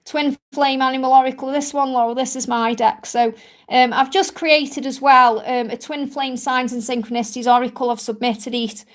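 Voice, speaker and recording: This woman from England has a strong Stoke-on-Trent accent and a high voice with fairly even intonation at a moderate pace. She's a spiritual reader in a live stream Q&A, chatting and reassuring viewers in a chatty way, using lots of "you know" fillers.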